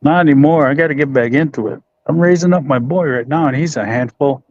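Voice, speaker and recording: A middle-aged man, a professional boxer, answers interview questions in a relaxed, halting way with frequent restarts. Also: fairly high pitch, no room sound. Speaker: professional boxer, podcast guest. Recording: dull, dry audio.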